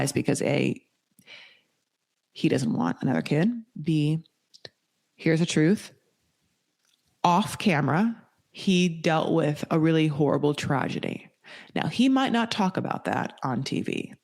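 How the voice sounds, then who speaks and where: Woman, podcast host, slightly low voice, blunt, profane, casual recap chat. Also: creaky, darkish tone. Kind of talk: casual reality-TV recap commentary.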